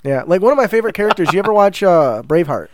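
A man with a fairly high voice co-hosting a tabletop gaming podcast, chatting casually and with energy. He slips into quick character voices and laughs easily. The sound is dry and close, recorded on a podcast microphone. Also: very animated, no room sound. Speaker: podcast co-host. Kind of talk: casual chat.

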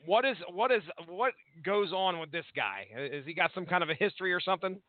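Guy co-hosting a podcast, cracks jokes, bit higher voice, dry tinny phone sound. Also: lively intonation, fairly quick, no room sound. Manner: playful, wisecracking, laughs easily. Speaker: podcast co-host. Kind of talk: casual chat.

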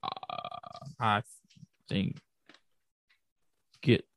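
A man co-hosting a podcast in casual chat, excitable and jokey, often trailing off and restarting. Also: drawn-out words, dry recording. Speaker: podcast co-host recapping wrestling.

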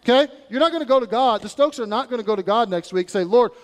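A male pastor with a notably high voice preaches in a lively, conversational way, breaking into acted asides. His words carry a long reverb through the church sanctuary. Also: fast talker. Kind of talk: sermon.

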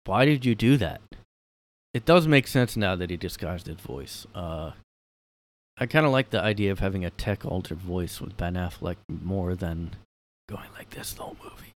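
A man's voice: deep voice, expressive, normal speed. A man hosting a casual solo podcast from his room, rambling and sarcastic, with lots of fillers and the odd swear. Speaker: podcast host.

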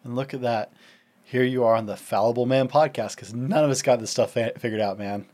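A man with a mid-range voice hosts a podcast conversation. He talks in a relaxed, reassuring way, answering his guest. He keeps an easy, conversational tone throughout. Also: medium pitch, a little fast. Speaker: podcast host.

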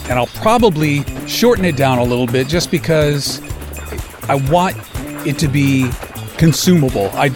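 A man hosting a podcast, talking casually and enthusiastically about food with drawn-out emphasis. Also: mid-range voice. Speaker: podcast host.

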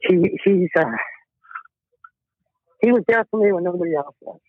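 A man's voice: high-pitched, moderate pace, breathy edge, no room sound. A male musician telling a rambling, heartfelt story in an interview, with many restarts. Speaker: musician guest. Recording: tinny phone line.

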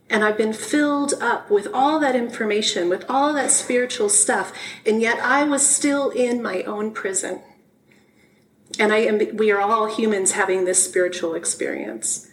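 A woman's voice: fairly high pitch, slight background noise, poor audio. Heartfelt middle-aged woman minister preaching. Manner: heartfelt, personal and conversational. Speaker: minister giving her first talk. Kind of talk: sermon. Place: church sanctuary.

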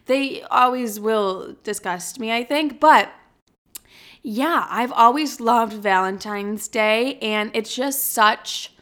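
A young woman talking straight to her listeners in a casual solo podcast. Her voice is fairly high and very bright, with a forward, sharp edge. She is brash and profane, quick to mock herself. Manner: brash, profane and self-mocking. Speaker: podcast host.

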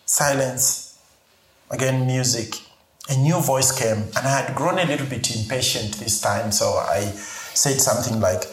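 A middle-aged man from Zambia telling a personal story in an interview, animated and laughing often. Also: medium pitch, measured pace, roomy sound. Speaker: podcast guest.

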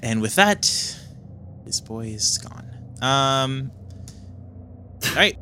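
A man running a tabletop game as game master, narrating scenes in a quick, descriptive way with fillers. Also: mid-range voice, animated, pushed and bright, slight background noise.

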